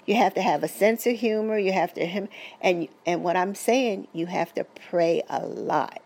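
An older woman giving earnest, gentle, faith-filled advice as the caregiver of her husband, in a personal testimony. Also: on the low side, normal speed.

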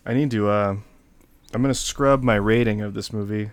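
A man's voice: fairly low pitch, fairly even intonation, moderate pace, clear, resonant tone, no room sound. A man co-hosting a casual film podcast, asking wry questions. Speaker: podcast co-host.

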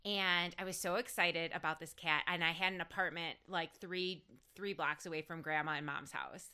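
A woman in casual chat who giggles often and reacts with quick exclamations. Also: lowish voice, steady tone, pushed and bright, clear, resonant tone.

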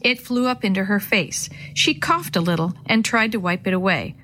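Gentle woman reading a children's story. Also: mid-range voice, normal speed, slight background noise. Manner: gentle, clear, storybook delivery. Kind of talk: reading a children's chapter book aloud.

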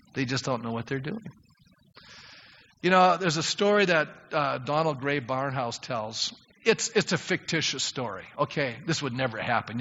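Emphatic male pastor in echoing sanctuary. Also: fairly high pitch. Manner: emphatic, rising to loud appeals; conversational, addresses congregation directly. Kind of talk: sermon. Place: church sanctuary. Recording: long hall reverb, dull lo-fi sound.

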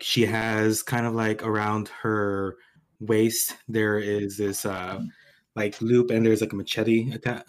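A hesitant man with a lowish voice describing his character at a game table. He pauses often and fills gaps with ums and likes. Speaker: guest player.

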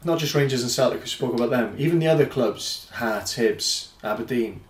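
A man's voice: mid-range voice, brisk, recorded from a distance. Host from Wales: a man, an ex-player, matey and casual, in a roomy, echoey space. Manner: matey banter, swears casually. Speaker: podcast host, former footballer. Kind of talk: casual chat. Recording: echoey room.

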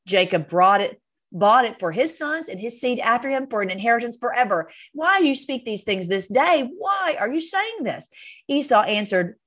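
A woman teaching a Bible study, reading scripture aloud with frequent fillers and self-corrections, and breaking off into conversational, exasperated asides. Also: medium pitch.

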